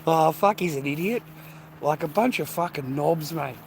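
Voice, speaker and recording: A slightly high-voiced Australian man rambles and swears through a casual vlog while walking outdoors. He is a touch breathless from the pace, with faint street noise behind him. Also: moderate pace, creaky. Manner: profane, rambling, blokey slang. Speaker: vlogger. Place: outdoors on foot.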